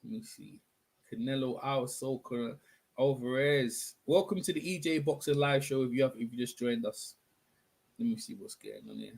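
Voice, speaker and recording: A man's voice: mid-range voice, moderate pace, creaky, darkish tone, slightly rough. A man hosting a casual boxing live stream, rambling and chatting with his viewers. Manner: rambling, chatty, talks to viewers, self-corrections.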